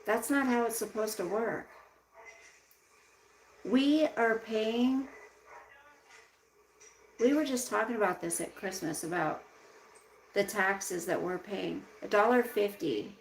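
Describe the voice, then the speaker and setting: Gravelly-voiced woman ranting on a livestream. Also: medium pitch, slow, long pauses, slight background noise, low-quality recording. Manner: indignant ranting, slipping into baby talk with her pet. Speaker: livestream host. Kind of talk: casual live-stream chat.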